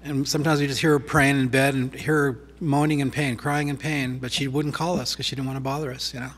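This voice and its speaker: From the pulpit of a church sanctuary, a male pastor shares memories in a eulogy style, soft and reflective yet fast-talking, with a mid-range voice, flat delivery, and many fillers. The audio comes from a live church stream, with music and guitar playing behind him.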